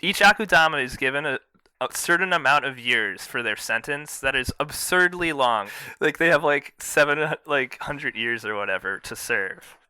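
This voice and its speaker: A man talking casually on a podcast, often acting out characters' lines in animated bursts. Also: mid-range voice, moderate pace, clear, resonant tone, no echo. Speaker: podcast co-host.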